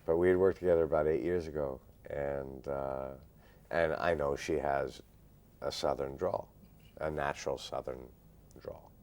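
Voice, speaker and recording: A male actor answering interview questions in a measured, thoughtful way, pausing often. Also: very deep voice, steady tone, darkish tone. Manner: measured, thoughtful, frequent "uh" pauses.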